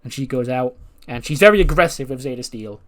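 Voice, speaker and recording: A man's voice: mid-range voice, lively intonation, a little fast. A man narrating a wrestling sim playthrough in a casual, chatty way. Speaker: gaming YouTuber.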